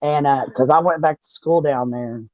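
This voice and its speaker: A woman's voice: sits low, moderate pace, no room sound, narrow, tinny audio. A woman from Southern Indiana with a Southern US accent, co-hosting a casual talk show with chatty, folksy storytelling. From Southern Indiana, USA. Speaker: podcast co-host. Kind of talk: casual chat.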